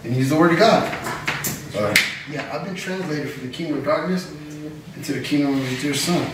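A high-voiced man giving an animated Bible-study sermon, breaking into laughter and acting out voices as he goes. He sounds far from the mic in a very echoey classroom, with noise audible behind him. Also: brisk. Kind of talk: lively teaching sermon.

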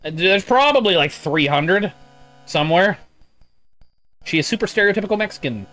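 A man's voice: high voice, lively intonation, moderate pace, pushed and bright. A man live-streaming a game, chatting casually, reading chat aloud and swearing often. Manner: profane, rambling, reads chat aloud.

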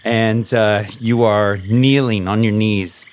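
A man narrating a tabletop horror game as game master, relaxed and wry. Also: fairly low pitch, slow, a little hiss or hum.

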